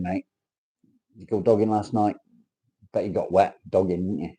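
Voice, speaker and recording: Guy, low husky dark voice, live-stream host with crude teasing banter. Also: fairly even intonation, moderate pace. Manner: crude, teasing banter, reading viewer comments aloud. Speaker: livestream host. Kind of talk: casual livestream chat.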